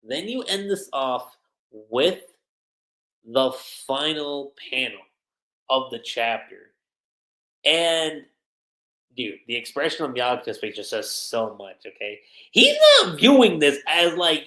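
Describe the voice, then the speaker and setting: Animated man reviewing manga, roomy echo. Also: on the high side, measured pace. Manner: animated, slangy, retells scenes in quoted voices. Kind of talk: casual livestream chapter review.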